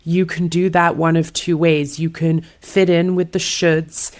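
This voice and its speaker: A woman hosting a podcast, chatting casually and affirming her guest with quick, supportive reactions. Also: low voice, little pitch movement, a little mellow. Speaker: podcast host. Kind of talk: casual chat.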